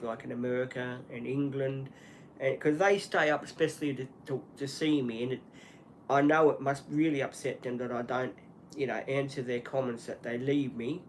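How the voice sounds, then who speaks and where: A man hosting a solo livestream, talking earnestly and apologetically in halting speech with many restarts and fillers. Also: mid-range voice, a little mellow, a little hiss or hum. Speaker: channel host.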